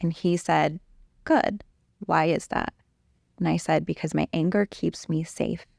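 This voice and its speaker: A middle-aged woman coach telling a personal story in an interview, animated and acting out quoted exchanges. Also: deep voice, normal speed, creaky, no room sound, studio quality.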